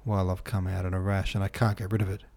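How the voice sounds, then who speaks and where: A man reading aloud and voicing a frightened, ill young woman who speaks hoarsely and pleads. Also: low voice, level tone, fast talker, darkish tone. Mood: anxious. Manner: clingy, fearful pleading.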